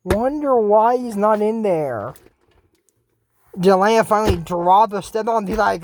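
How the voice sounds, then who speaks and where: A vlogger casually recapping a cartoon episode in a chatty, excitable way, full of fillers and restarts. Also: mid-range voice, normal speed, no echo. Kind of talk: casual rambling recap commentary.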